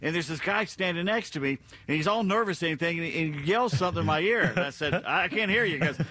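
Bright-voiced older male radio co-host. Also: on the high side, fast, slight background noise. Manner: animated anecdote telling, acts out quotes. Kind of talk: talk radio storytelling. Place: radio studio. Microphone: studio microphone.

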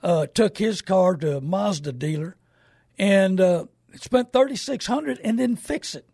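A man's voice: high voice, a little slow, gravelly, darkish tone, breathy edge, dry recording, clean studio sound. An older man hosting a call-in car radio show in a folksy, rambling salesman's way. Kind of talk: casual call-in radio talk with plugs.

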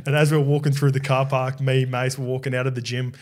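A man's voice: medium pitch, little pitch movement, fast, a little mellow. An Australian man co-hosting a sports podcast, easygoing, telling stories and reading team news. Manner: easygoing, laughs often, tells stories. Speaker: podcast co-host. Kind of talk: casual sports chat and match preview.

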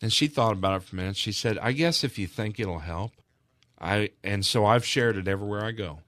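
A man's voice: on the low side, a little fast, a bit bright, dry recording. A man recounting a moving story in a radio studio interview, earnest and emotional, his voice rising at key moments. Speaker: charity representative.

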